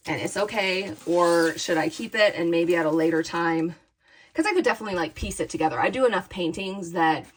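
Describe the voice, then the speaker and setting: A woman talks casually to her viewers in a slightly low voice. She rambles, hesitates and pokes fun at her own mistakes as she thinks out loud. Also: low-quality recording. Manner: rambling, indecisive, self-deprecating, says "you guys" often. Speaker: crafting vlogger. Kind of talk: casual chat to camera.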